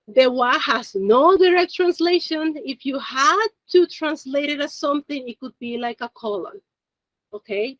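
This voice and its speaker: A Japanese teacher at a language school in Monterrey runs a beginner class online over video call, her high, slightly bright voice sounding close and dry with no room echo. She's encouraging and keeps checking in with "okay?" and "yes?" so students stay with her.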